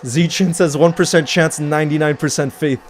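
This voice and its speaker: A man watching a football match and reacting live, talking to the screen and erupting into shouts when his team scores. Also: fairly high pitch, normal speed. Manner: excitable, talks to the screen, erupts into shouting at goals.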